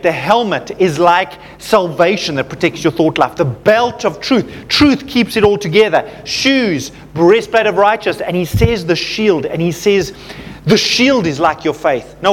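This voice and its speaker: A man with a notably high voice delivers a sermon to a congregation. He talks casually, with plenty of fillers, and turns personal stories into gentle lessons. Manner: conversational, self-deprecating storytelling with fillers. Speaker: pastor.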